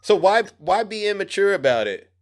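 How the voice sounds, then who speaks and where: A man's voice: high voice, sing-song, normal speed. A man hosting a live audio debate, challenging the speakers as a pushy moderator. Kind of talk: moderating a heated political argument.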